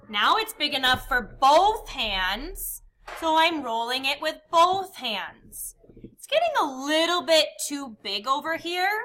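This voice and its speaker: A woman's voice: high-pitched, very animated, takes it slowly, pushed and bright. A woman art teacher demonstrating a kindergarten clay lesson, explaining each step patiently and counting aloud. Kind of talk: instructional demonstration.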